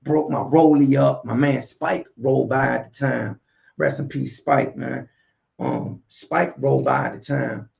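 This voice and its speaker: Man, gravelly voice, streetwise storytelling, dull lo-fi sound. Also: mid-range voice, measured pace. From Philadelphia. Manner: animated, streetwise, peppered with slang and "you know what I'm saying". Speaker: guest. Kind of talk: casual storytelling interview. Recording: dull lo-fi audio.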